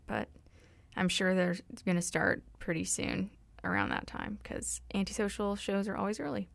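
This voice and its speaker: A young woman doing DJ chat on a college radio show, loose and offhand with many ums between tracks. Her voice is low-set with a lot of vocal fry. The studio sound is close and dry. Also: no echo. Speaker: radio host.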